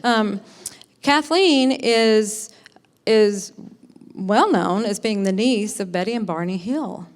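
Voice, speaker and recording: Excited, rambling woman introducing a speaker. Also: medium pitch, slow. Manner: rambling, excited, many fillers and restarts. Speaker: conference organizer introducing a speaker. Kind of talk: live introduction at a conference. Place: conference hall, in front of an audience.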